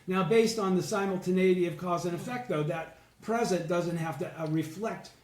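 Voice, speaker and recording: A man's voice: high voice, normal speed, darkish tone. Man, study group leader, casual lecture, congested, frequent "okay?", echoey room. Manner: explanatory, checks understanding with "okay?" and "right?". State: congested, clearing throat.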